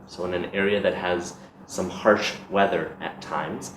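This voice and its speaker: A man from the United States teaching an exam preparation lesson in a measured, explanatory way, reading out sample questions. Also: low-pitched, fairly even intonation, fairly bright tone. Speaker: English teacher. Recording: echoey room with background noise.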